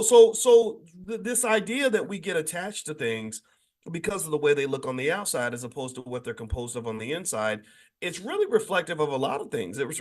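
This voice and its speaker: A middle-aged man hosting a casual finance talk show, speaking in animated, emphatic bursts with frequent restarts. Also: medium pitch. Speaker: host and finance educator.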